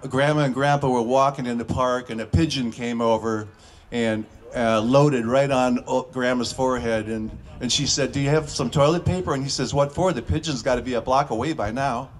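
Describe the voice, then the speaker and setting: A man telling short stand-up jokes in a folksy way, with filler pauses and restarts. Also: medium pitch. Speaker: comedian.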